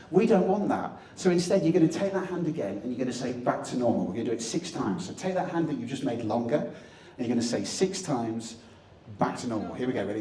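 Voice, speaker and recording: A young man delivers a playful motivational talk from a conference stage, swinging his pitch widely as he jokes and leads the room in call-and-response. His tone is mellow rather than bright. He sounds far from the microphone, in a roomy, echoing hall with faint ambient noise behind him. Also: quick pace. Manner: animated, jokey, leads audience chants. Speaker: motivational speaker and magician. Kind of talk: live stage talk with audience participation. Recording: echoey hall, distant mic, faint ambience.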